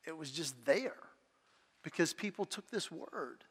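A pastor preaching a sermon in an earnest, heartfelt manner that builds in intensity. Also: male voice, fairly high pitch, animated, measured pace, fairly bright tone, breathy edge, in a large hall. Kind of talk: sermon with personal storytelling.

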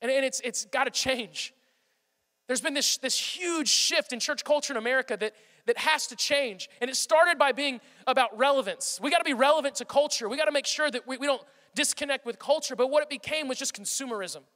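High, bright-voiced pastor in his thirties. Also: fairly quick, long reverb tail. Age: 30s. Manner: impassioned, rambling with restarts. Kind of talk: sermon. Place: church hall.

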